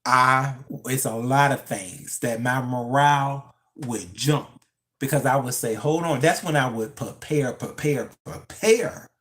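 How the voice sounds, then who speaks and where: A live-stream commentator talking casually into a phone, chatting straight to the viewers and jumping up in pitch when teasing them. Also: measured pace, a bit bright.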